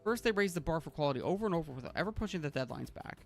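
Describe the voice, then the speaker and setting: An exhausted young game director rattles off his grievances, whiny and harried, in a fairly high, gravelly voice. Quiet music sits in the background. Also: lively intonation, rapid-fire. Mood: complaining. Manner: complaining, self-pitying, rattled. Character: overworked, frazzled young male game director. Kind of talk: English game dub.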